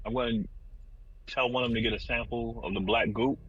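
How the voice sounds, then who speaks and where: A man playing a character in a tabletop game, calmly laying out his plans. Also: mid-range voice, a little fast, muffled recording, a little hiss or hum. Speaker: player. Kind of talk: tabletop role-play.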